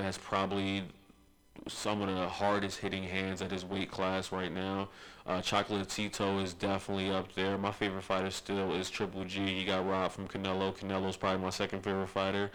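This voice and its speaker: Very deep, flat-voiced man giving opinions. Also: low-quality recording. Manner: opinionated, blunt, measured. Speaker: podcast co-host. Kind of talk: casual sports chat.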